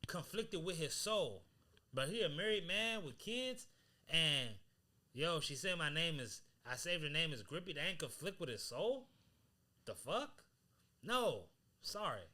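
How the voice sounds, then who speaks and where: A man co-hosting a podcast in casual chat, talking in an animated, emphatic way full of slang. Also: on the high side. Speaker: podcast co-host.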